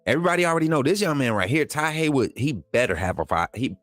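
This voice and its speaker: A man hosting a sports livestream, hyping players and reading chat, excitable and repeating himself in casual slang. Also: medium pitch, quick pace, no room sound, soft background music. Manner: excitable, hypes players, talks straight to viewers; repeats phrases, casual colloquial speech. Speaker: sports channel host.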